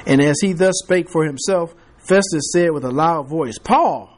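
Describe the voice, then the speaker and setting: A man's voice: a little high, moderate pace. A man teaching a Bible class, reading scripture aloud and prompting the class to fill in the words, with chuckling asides.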